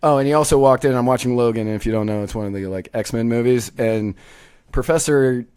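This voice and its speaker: A man's voice: mid-range voice, fairly quick, a little mellow, clean tone. A man co-hosting a podcast, teasing and telling anecdotes in casual chat. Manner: teasing, storytelling. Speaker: podcast co-host.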